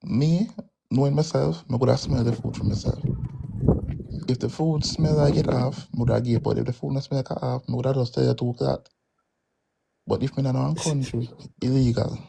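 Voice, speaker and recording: Very gravelly Jamaican man. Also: mid-range voice, fairly even intonation, brisk, warm tone, slight background noise, rough recording. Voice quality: gravelly, husky. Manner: explains step by step, repeats "see". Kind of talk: casual chat.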